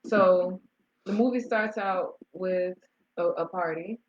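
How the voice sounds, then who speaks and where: A woman's voice: fairly low pitch, slow. A woman co-hosting a casual movie review, summarizing the plot in a chatty way with restarts. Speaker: co-host of a movie review show. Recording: dull lo-fi sound.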